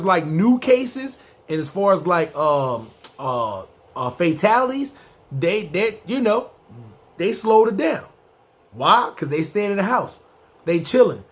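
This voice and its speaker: A man's voice: sits high, husky. A man hosting a podcast, delivering a comedic, preachy street-talk rant full of profane slang and aimed straight at his listeners. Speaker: podcast host.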